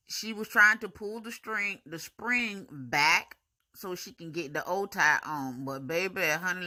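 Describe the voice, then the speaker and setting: A woman, chatting to viewers in a casual voice-over about her braces appointment. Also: low-pitched. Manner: chatty, animated, talks to viewers as y'all, honey and baby.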